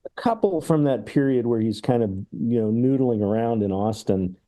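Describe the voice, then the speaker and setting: A man's voice: medium pitch, moderate pace, dark tone. A man talking casually as a podcast guest about film, thoughtful and musing, who acts out comedy sketches as he retells them.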